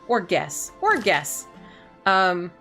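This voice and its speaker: A woman's voice: fairly low pitch, very animated, very slow, fairly bright tone, soft background music. A woman streaming a video game, chatting playfully and a bit silly with her viewers as she plays. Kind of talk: casual gaming stream chat.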